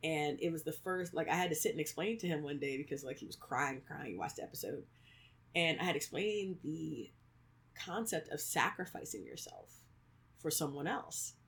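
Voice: medium pitch, moderate pace, gravelly. A podcast co-host in their thirties talking casually, leaning on "like" and acting out quoted lines with frequent laughs. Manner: animated storyteller, acts out quotes, many "like"s; laughs often. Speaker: podcast co-host, creator of fictional worlds. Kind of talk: casual chat.

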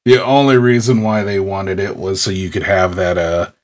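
A man co-hosting a podcast, joking in a relaxed way with lots of "like" and "I mean". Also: deep voice, moderate pace. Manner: relaxed, filler-heavy joking. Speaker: podcast co-host. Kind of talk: casual chat.

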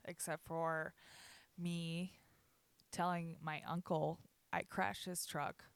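A woman in her thirties talks openly in a candid conversation, emotional and confessional, with frequent sighs. Her voice sits a little low, and her words often trail off. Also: level tone, slow, gravelly, clear, resonant tone, dry recording. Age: 30s.

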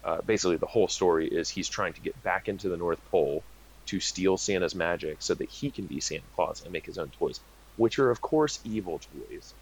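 A man's voice: sits low, brisk, slight background noise, poor audio. A man in his thirties chatting casually as a podcast co-host, rambling and joking with many fillers. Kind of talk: casual chat.

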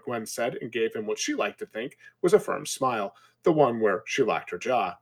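A man co-hosting a casual book discussion, reading a favorite passage aloud with animated expression. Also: on the low side, normal speed, hardly any pauses, husky. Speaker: book discussion podcast co-host. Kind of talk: casual book club chat and dramatic reading.

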